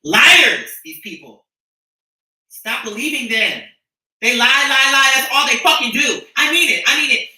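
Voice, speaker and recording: Woman, fervent profane ranting, sharp bright voice, echoey room, off-mic. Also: sits high, lively intonation, unhurried, far from the mic. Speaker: streamer addressing her followers. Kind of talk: impassioned livestream monologue.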